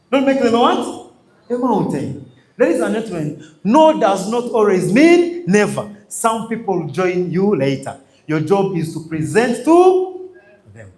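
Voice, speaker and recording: High, lively Ugandan male trainer. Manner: emphatic, repetitive, calls out questions for the audience to answer. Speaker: business trainer. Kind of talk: motivational training talk. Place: training session before a live audience.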